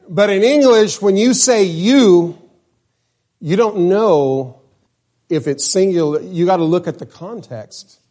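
Slow-preaching high-voiced male pastor. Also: dark tone. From New Mexico. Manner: slow, drawn-out preaching with questions to the congregation. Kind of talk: sermon.

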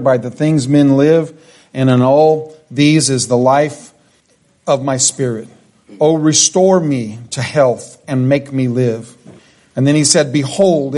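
A middle-aged man delivers a sermon, reading scripture and unpacking it line by line in a plain, teacherly way. His voice sits at an ordinary pitch with a warm, mellow tone. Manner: expository, reads and explains scripture verse by verse. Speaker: preacher.

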